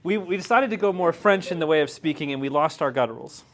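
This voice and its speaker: A man's voice: on the high side, animated, fast, fairly bright tone. A man teaching an evening language class in a classroom, chatty and joking, laughing often. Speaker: Hebrew teacher.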